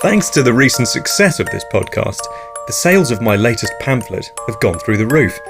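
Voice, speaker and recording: A man hosting an absurdist comedy podcast, delivering whimsical nonsense in a deadpan way. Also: medium pitch, moderate pace, vocal fry, loud music behind the voice. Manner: deadpan, whimsical, jumps into silly voices. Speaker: podcast host.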